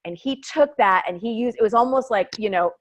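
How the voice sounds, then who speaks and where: Swearing, animated woman comedian chatting. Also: on the high side, brisk. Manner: animated, swearing, heavy use of "like". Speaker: stand-up comedian, guest. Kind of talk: casual interview storytelling.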